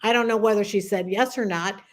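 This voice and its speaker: A woman's voice: medium pitch, brisk. Woman guest talking through an analysis. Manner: explains points in steady reasoning, mentions statement analysis. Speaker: guest commentator. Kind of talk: casual analytical chat.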